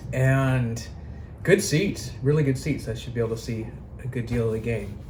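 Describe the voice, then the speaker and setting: A man's voice: mid-range voice, normal speed, darkish tone. A man vlogging casually from a hotel room, rambling and musing aloud, easily amazed by the view. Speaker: travel vlogger. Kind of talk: casual chat to camera. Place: hotel room by an open window. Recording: faint city noise behind.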